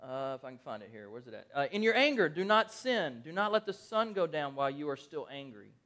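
A man's voice: fairly high pitch, very animated, a little fast, bright, forceful tone. A man in his thirties preaching a conversational sermon, asking the congregation questions and telling stories about his family. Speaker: pastor.

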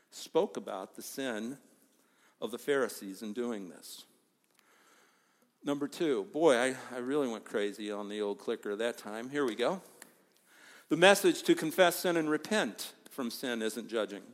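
A man preaching a sermon as pastor, emphatic, with loud stresses and hushed asides. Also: medium pitch. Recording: long hall reverb.

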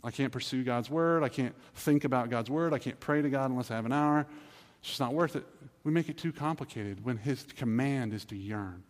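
A man preaches from the pulpit in a sanctuary, his voice carrying a long echo through the hall. He pleads and reasons in a loose, conversational way, slipping into quick acted asides. His pitch sits in a plain middle range. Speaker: pastor. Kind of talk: sermon. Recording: reverberant hall.

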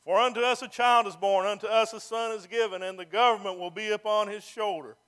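High-pitched preaching pastor. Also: male voice, fairly even intonation, fairly bright tone, clear, resonant tone. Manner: preaching with rising emphatic calls and drawn-out phrases. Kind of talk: sermon.

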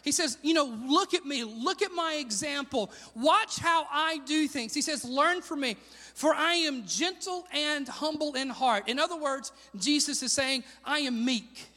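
A man preaching a sermon as pastor, animated, rising to shouts on key lines and asking the congregation to repeat words after him. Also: extremely high pitch, unhurried, big-room sound.

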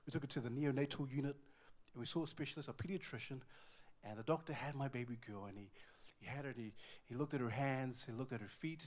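Man, preacher, emotional sermon testimony, hushed then loud, repeats words, middle pitch. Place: church.

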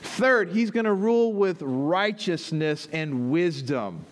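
A pastor with a high-pitched voice delivers a teaching sermon. He explains each point step by step and keeps checking that his listeners are following. He sounds like a preacher leading his own congregation through a passage. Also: animated, slow pace.

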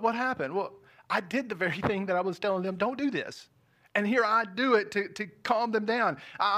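Pastor, male, 30s, high bright voice, playful sermon delivery to a big congregation. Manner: lively, joking, talks to the congregation. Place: large church hall with balcony.

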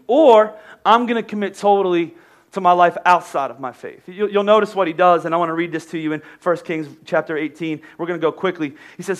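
A man preaching a sermon as pastor, emphatic, dropping quiet then rising to shouts, often repeating words as he starts a sentence. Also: sits high.

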